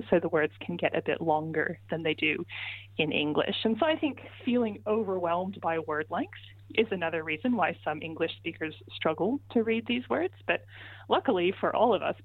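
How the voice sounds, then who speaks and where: A woman's voice: on the low side, no echo. A woman answering interview questions as a linguistics guest, patient and methodical, walking through examples step by step. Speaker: linguist guest explaining pronunciation. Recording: tinny phone line, dry.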